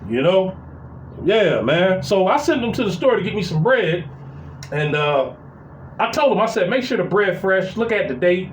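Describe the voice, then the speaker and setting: Brief: middle-aged man, high voice, profane rambling rant, roomy echoey room. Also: lively intonation, moderate pace, a little hiss or hum. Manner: profane, rambling, full of fillers and repeats. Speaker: vlogger venting about family. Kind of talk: casual storytelling rant. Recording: roomy echo.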